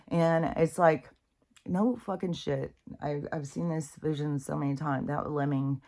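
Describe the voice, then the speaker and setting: Woman, deep for her sex, casual exasperated vlog rant with swearing and halting restarts. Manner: exasperated, swearing, mocking others in high put-on voices; halting restarts and repeated fillers. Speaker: spiritual vlogger.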